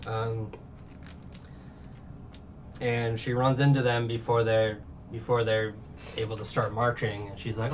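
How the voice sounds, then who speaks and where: A man's voice: on the low side, little pitch movement, measured pace, long pauses. A young man casually recapping anime episodes, rambling with many fillers and restarts. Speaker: anime reviewer. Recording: dull distant mic, faint hiss.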